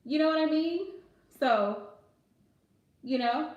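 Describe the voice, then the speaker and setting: Live reader, woman, high and chatty, frank and familiar, heavy room echo. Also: takes it slowly, dull audio. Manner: chatty, direct, laughs often, calls viewers pet names. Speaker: live tarot reader answering viewer questions. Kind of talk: casual live-stream advice chat. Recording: very echoey room.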